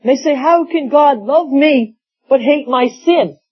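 A man's voice: very high-pitched, slow. A man preaching a sermon, telling folksy stories with acted quotes. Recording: dull lo-fi sound.

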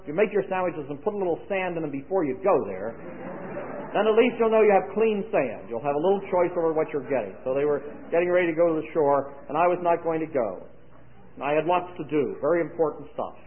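A man preaching a sermon to young people at a conference, with dry humorous asides. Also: on the high side. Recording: tinny lo-fi, phone-like sound.

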